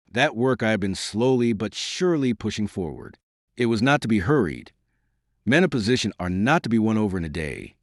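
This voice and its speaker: A man doing a calm, dignified conspirator. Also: fairly low pitch, no room sound, clean studio sound. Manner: slow, quiet and calm. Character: calm dignified male conspirator, quietly startling.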